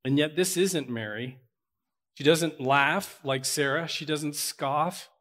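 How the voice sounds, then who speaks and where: A man's voice: a little high, slow pace, a bit bright. A man preaching a sermon to his church, earnest and building to emphatic peaks. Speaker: pastor.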